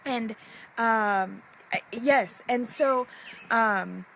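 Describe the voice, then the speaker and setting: A woman giving a live-streamed motivational talk to her group, emotional and halting, often repeating herself. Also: a little high, creaky, fairly bright tone, a little hiss or hum. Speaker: women's group leader.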